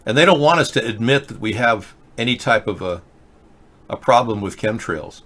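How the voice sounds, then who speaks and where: A man's voice: medium pitch, lively intonation, moderate pace, fairly bright tone. A man hosting a casual live political video chat, reading viewer comments and tweets aloud with a sarcastic, rambling manner. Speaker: livestream political show host.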